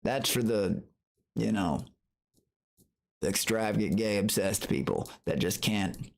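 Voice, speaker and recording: A grown man streaming live, chatting loosely with his viewers in a rambling, profane way and jumping into a higher, excited voice when he greets them. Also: a little slow, vocal fry. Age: adult. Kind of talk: casual livestream chat.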